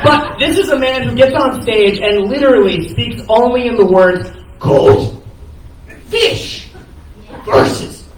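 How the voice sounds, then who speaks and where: A man who is a stand-up comedian, giving an animated, profane comic eulogy on a cafe stage, laughing as he tells it. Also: extremely high pitch, moderate pace, hardly any pauses. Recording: echoey room from far off, noisy.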